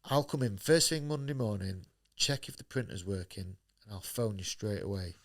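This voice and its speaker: Blunt northern English man with a low voice. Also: moderate pace. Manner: blunt, swears freely, acts out quoted dialogue. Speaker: guest, professional boxer. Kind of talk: candid storytelling in a podcast interview.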